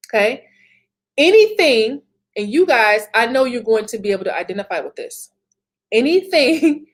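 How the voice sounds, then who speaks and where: Woman coach giving a pep talk, a bit high-pitched, emphatic, keeps laughing. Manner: emphatic, repeats phrases, laughs often. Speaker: business coach. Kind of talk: motivational talk.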